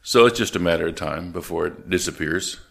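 Low-voiced older radio host. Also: male voice, brisk, vocal fry, fairly bright tone. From Texas, USA. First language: German. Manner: folksy, plain-spoken. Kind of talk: relaxed interview chat.

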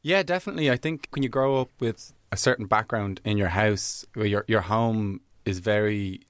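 A man's voice: on the low side, normal speed, clear, resonant tone. A young man, a comedian, chatting in an interview, laughing often and acting out little quotes. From Ireland. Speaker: comedian guest. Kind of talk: casual interview chat.

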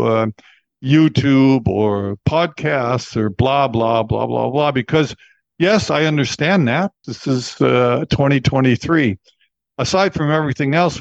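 A chatty American man in his seventies, a veteran disc jockey telling stories. His mid-pitched voice comes through a dry, close recording with slightly dull sound. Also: vocal fry, dry recording. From Texas, USA. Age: 70s. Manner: chatty, laughs often, acts out quoted voices. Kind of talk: relaxed interview storytelling.

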